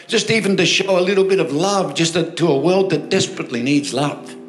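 Brisk and high-voiced, an older man with an Australian accent preaches, weaving stories into his sermon. He's animated and asks listeners for amens. The recording comes from an echoey church hall, with music behind him.

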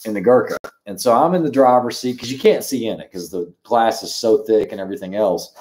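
A man's voice: fairly low pitch, a little fast. A man co-hosting a casual chat show, telling stories and acting out the people in them. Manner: animated storyteller, acts out dialogue. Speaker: show co-host.

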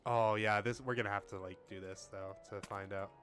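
A man's voice: fairly low pitch, moderate pace, faint music behind. A man streaming a game, joking and laughing as he comments casually. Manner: joking, animated, laughs often, lots of fillers.

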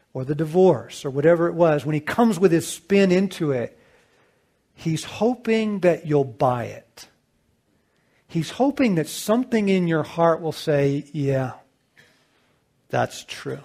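A middle-aged man telling a personal story as a sermon, swinging between loud bursts and hushed low lines. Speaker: Christian author and speaker.

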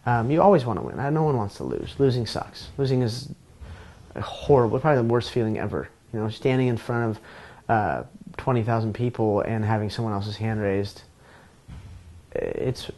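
Low-voiced man, candid and joking. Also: expressive, moderate pace, a little mellow. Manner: candid, joking, self-deprecating; rambling with restarts. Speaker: professional fighter. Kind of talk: pre-fight interview, casual talk.

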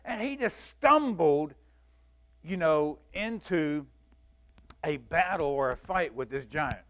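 A man teaching a church Bible lesson in a folksy, animated way, acting out the scenes he tells. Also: fairly high pitch, slow. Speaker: Sunday school teacher.

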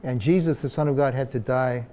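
Mellow-voiced pastor preaching conversationally. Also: male voice, medium pitch, brisk. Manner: conversational preaching with frequent fillers and restarts. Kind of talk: sermon.

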